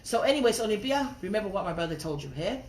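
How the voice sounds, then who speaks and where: Young woman, heated live-stream rant, rapid and lively, roomy echo. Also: mid-range voice, a little hiss or hum. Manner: confrontational, mixing Tongan and English. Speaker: livestreamer.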